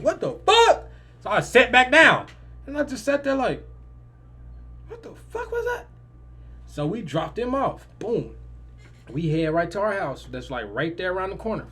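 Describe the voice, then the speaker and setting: Young guy telling a crazy story, kinda high voice, gets loud and animated when he quotes people. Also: husky. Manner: animated, swings loud and high in quoted lines, swears freely.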